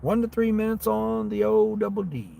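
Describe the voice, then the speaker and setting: A man's voice: high-pitched, normal speed, creaky, dark tone. A man hosting a casual livestream from inside his vehicle, rambling to viewers as he drives. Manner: rambling, talks to viewers while driving. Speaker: livestream host.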